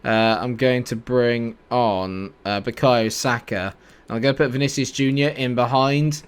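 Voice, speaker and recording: In live gameplay commentary, a young British YouTuber gets frustrated with his football video game match, swearing and sarcastic in a British English accent. His mid-range voice is clear and resonant, with fairly even intonation and a slightly slow delivery.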